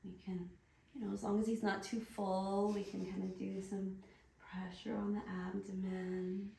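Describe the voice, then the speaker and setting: A woman giving soft, soothing guided instruction and gentle encouragement as a workshop instructor. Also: mid-range voice, flat delivery, moderate pace, gravelly. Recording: roomy echo, distant mic, faint noise.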